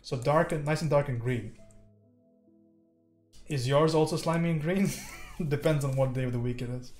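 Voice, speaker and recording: A man's voice: a little high, normal speed, a little mellow. A man giving a casual live painting critique, joking loosely, swearing and answering his chat while he works. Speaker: livestreaming art instructor. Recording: roomy echo, faint background music.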